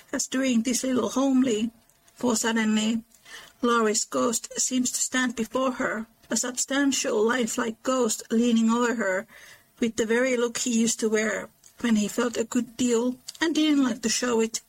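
A woman hosting a book discussion, reading a novel aloud in a measured storytelling way. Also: fairly high pitch, creaky, husky, poor audio.

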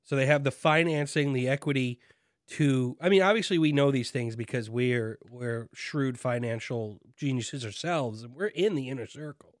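Man co-host, animated and jokey, in a dry room. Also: medium pitch, moderate pace, dry recording. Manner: animated, jokey, acts out lines from the show. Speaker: podcast co-host. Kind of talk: casual chat.

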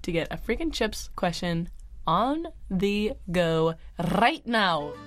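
A woman's voice: fairly low pitch, big pitch swings, slow pace, over music. Upbeat woman podcast co-host. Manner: chatty, upbeat. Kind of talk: casual podcast chat.

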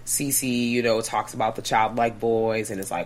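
A woman co-hosting a podcast, animatedly recapping a film plot in casual chat. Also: moderate pace. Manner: animated recapping, swoops into high put-on voices and hums. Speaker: podcast co-host.

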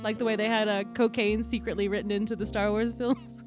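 A woman's voice: mid-range voice, level tone, a little fast, music in the background. A woman co-hosting a podcast in casual banter who laughs often. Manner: giggly, frequent laughter. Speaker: podcast co-host.

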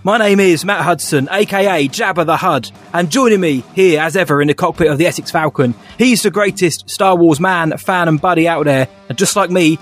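A young man co-hosts a casual podcast chat, joking and upbeat. His voice sits a touch high, with soft music faintly underneath. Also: a little fast, hardly any pauses. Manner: jokey, upbeat banter. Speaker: podcast co-host.

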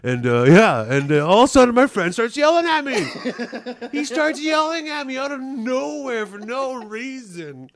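Guy doing a whiny rowdy dude ranting about his night, drawly and lively. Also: extremely high pitch, moderate pace, a crowd in the background, voice pushed up. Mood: indignant. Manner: rambling, indignant, drawling. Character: rowdy young man telling a bad-night story.

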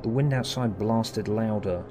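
A man telling a horror story in a measured, dramatic way, with music playing behind. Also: lowish voice. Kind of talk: scripted horror narration. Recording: narration over music.

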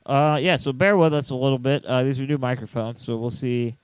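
A man's voice: mid-range voice, steady tone, fairly quick, smooth, no echo, poor audio. A man hosting a casual podcast, talking loosely and rambling with fillers and swearing. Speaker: podcast host.

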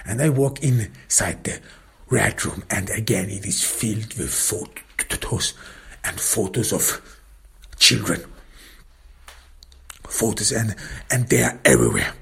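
A man narrating a dark first-person story, intense and angry, often dropping into whispers. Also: fairly low pitch, animated, slow, gravelly, long pauses, slightly rough.

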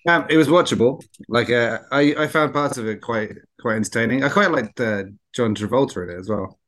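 A man's voice: mid-range voice, brisk, fairly bright tone. Hesitant, swearing man chatting films. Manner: hesitant, filler-heavy, profane, laughs easily. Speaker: podcast co-host. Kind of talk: casual chat.

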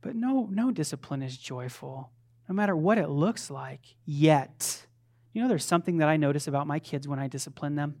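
A man preaching a sermon, moving between loud fervent declarations and soft, conversational asides. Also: a little high, moderate pace. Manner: acts out quoted voices of his children playfully. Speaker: pastor.

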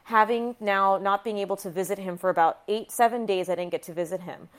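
A woman's voice: medium pitch, fairly even intonation, fairly quick. A woman physician, in her thirties, telling a personal story frankly and emotionally, often restarting her sentences. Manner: frank and emotional, with frequent restarts and some profanity.

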